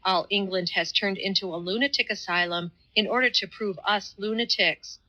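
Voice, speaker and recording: Woman reading a fervent devout guy in an audiobook, slow and deliberate, bright clear tone. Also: medium pitch, muffled recording, natural voice. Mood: earnest. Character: earnest Highland man, devout, intense.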